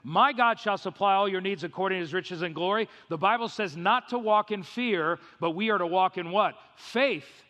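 A man's voice: high voice, moderate pace, few pauses, sharp tone. A man preaching an expository sermon with emphatic delivery and rhetorical questions. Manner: emphatic, rhetorical questions, acts out quoted voices. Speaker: pastor. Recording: reverberant hall.

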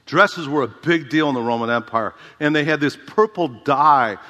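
A man's voice: a little high, normal speed, bright, forceful tone, highs cut off, faint music behind. A man preaching a sermon as a pastor, emphatic and conversational, often asking the congregation rhetorical questions. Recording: reverberant hall.

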